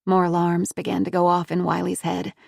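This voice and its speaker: A woman narrating a thriller audiobook in a measured, even storytelling manner. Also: lowish voice, creaky, no room sound, clean studio sound.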